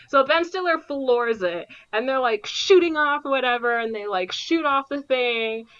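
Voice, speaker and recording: A woman co-hosting a podcast, casually retelling a movie plot with lots of fillers and quick impressions of the characters. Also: high voice, highs cut off, a little hiss or hum. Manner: animated retelling with frequent fillers and quoted impressions. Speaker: podcast co-host.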